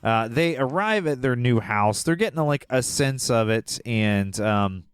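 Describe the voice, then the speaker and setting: A man's voice: mid-range voice, expressive, unhurried, smooth. A man co-hosting a podcast, chatting casually and jokingly, rambling with lots of fillers. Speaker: podcast co-host. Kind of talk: casual comedic chat.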